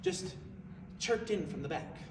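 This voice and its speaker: A man telling a comic story on stage, his voice swinging lively and fairly high. He is picked up from a distance in a large, reverberant hall. There is a steady wash of room noise behind him. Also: measured pace. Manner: animated, breaks into laughter. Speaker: stand-up comedian. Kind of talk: stand-up storytelling. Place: stage in a venue. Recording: echoey hall from far off, noisy.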